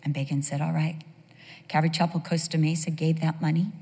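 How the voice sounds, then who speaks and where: A woman pastor telling church stories in an animated sermon, sometimes dropping to a whisper. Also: low voice, a little fast, husky. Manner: animated storyteller, drops to a whisper for emphasis. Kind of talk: sermon storytelling. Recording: long reverb of a large hall.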